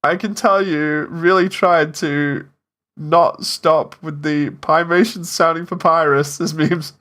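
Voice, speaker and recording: A man's voice: fairly high pitch, fairly even intonation, slow pace, a bit bright. A man in casual commentary, chatting about voice takes as an animator and laughing often. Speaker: animator and streamer.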